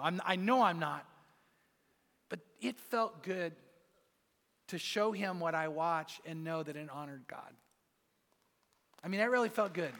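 A man's voice: high-pitched, bright, forceful tone. A man preaching a sermon as pastor, telling a story in an earnest, emphatic way. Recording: long reverb of a large hall.

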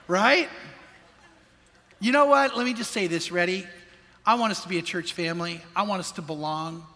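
Male pastor, high tenor, earnest sermon in a big reverberant church hall, quizzing the congregation. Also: moderate pace, bright, forceful tone. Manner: earnest preaching with questions to the congregation. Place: church sanctuary.

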